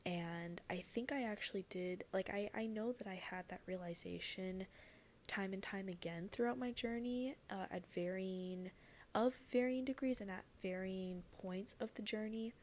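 A young woman hosting a solo podcast, talking candidly and rambling as she hunts for words, often sinking into a soft whisper and swearing casually. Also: mid-range voice, normal speed, slight background noise. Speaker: podcast host. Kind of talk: reflective solo podcast monologue.

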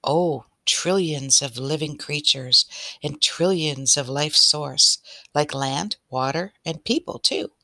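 A woman voicing a cheerful, proud star in a read-aloud story, with a bright, simple, earnest delivery. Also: sits low, slow, no echo, studio quality, full character voice.

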